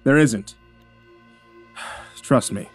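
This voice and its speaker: A man doing a gruff sarcastic engineer. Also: medium pitch, extremely slow, soft background music. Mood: brusque. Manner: sarcastic, curt, exasperated. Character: sarcastic gruff male engineer, middle-aged.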